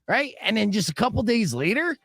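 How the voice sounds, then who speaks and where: A middle-aged man from Arizona tells a story on a radio show, casual and animated, acting out the voices of the people in it. His pitch sits a bit high and swings widely. The studio sound is dry and close. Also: fairly quick, gravelly, no room sound.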